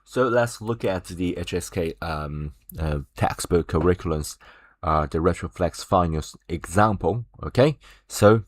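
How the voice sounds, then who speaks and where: A deep-voiced Chinese language teacher leads an online lesson, speaking slowly and explaining step by step. He fills his sentences with fillers and "right?", and the recording is dry and close.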